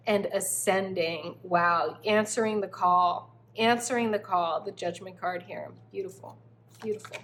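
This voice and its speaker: Gushy woman reading tarot cards, lots of wows and my loves, faint hiss behind. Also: fairly high pitch. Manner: effusive, affectionate, exclaiming often. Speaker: tarot reader.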